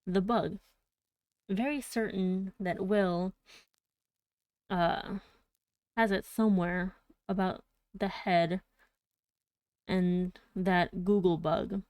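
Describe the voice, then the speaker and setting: A woman's voice: mid-range voice, steady tone, darkish tone, dry recording. A woman reading as a fretful old servant man. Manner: halting, rambling speech. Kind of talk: audiobook reading.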